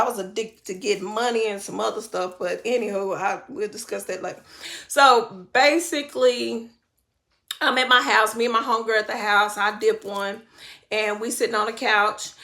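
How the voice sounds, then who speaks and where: A woman vlogging a personal story in a casual, slangy way, often laughing and jumping into high excited exclamations. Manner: animated, laughing, breaks into high squealing exclamations; slangy, conversational, addresses viewers directly.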